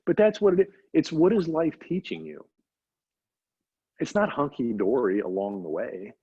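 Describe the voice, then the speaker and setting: A doctor being interviewed tells a story with animated energy, repeating phrases for emphasis. His medium-pitched, warm voice swings widely in pitch at a normal speed, slightly rough, on dull lo-fi audio with no echo.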